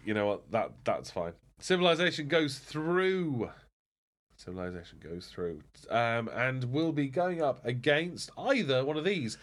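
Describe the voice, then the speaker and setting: Medium in pitch and moderate in pace, he speaks with hardly any pauses. It's casual podcast chat from home, with the co-host rambling, laughing, and acting out stories.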